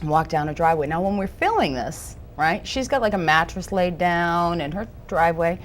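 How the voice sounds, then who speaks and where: A brash woman swaps stories with a host in a loose interview chat. Her voice sits low but swings up and down a lot, and she laughs often. A faint hiss runs under the recording. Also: moderate pace. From South Boston, USA. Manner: animated, brash storytelling with frequent laughs. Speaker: comedian guest.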